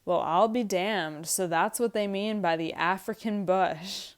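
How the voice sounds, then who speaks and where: A woman reading aloud the lines of a bitter, frustrated young husband from a script, slightly louder than her narration. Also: mid-range voice, a little slow, lightly acted. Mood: angry, bitter. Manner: read aloud from a script, lightly acted.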